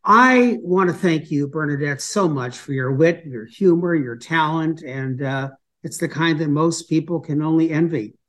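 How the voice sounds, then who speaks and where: Halting, joking talk show host man. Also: fairly high pitch, fairly bright tone. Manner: halting, with many fillers and restarts, joking. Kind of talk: casual interview chat.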